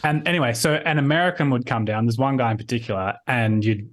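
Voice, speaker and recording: An Australian man talks as a guest in a relaxed video-call interview. He rambles, restarting his sentences and leaning on filler words. His voice sits at a middling pitch. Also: fast talker. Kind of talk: casual conversational interview.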